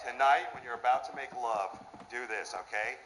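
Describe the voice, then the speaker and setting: A man's voice: medium pitch, steady tone, normal speed. A man doing a crude, rowdy stand-up comedy set in a small club. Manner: brash, crude, rowdy punchline delivery. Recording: noisy live club recording. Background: audience laughter and loud room noise.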